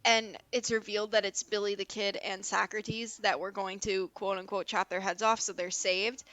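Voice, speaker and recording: A woman's voice: mid-range voice, little pitch movement, moderate pace, fairly bright tone, no room sound. A woman co-hosting a podcast in casual chat, chatty and gushing, laughing often. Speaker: podcast co-host.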